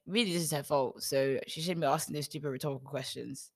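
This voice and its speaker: A woman's voice: deep voice, quick pace. A woman reading a Bible story aloud and stopping to make wry, joking comments. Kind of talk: storytelling with sarcastic asides.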